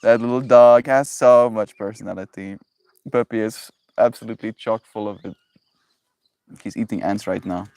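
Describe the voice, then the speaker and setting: A man hosts his daily livestream, rambling loosely and greeting viewers as bro. His voice sits on the low side. The sound is dry and close, with no room echo. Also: steady tone, normal speed, darkish tone, clear, resonant tone. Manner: rambling, loose, talks to chat, says bro. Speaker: livestream host. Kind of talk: casual livestream chat.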